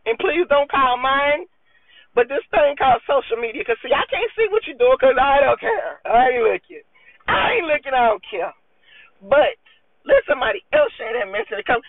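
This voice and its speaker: A woman giving an impassioned, preachy monologue with gospel exclamations, her voice breaking with emotion at times. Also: sits high. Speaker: vlogger. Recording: tinny phone-like dry sound.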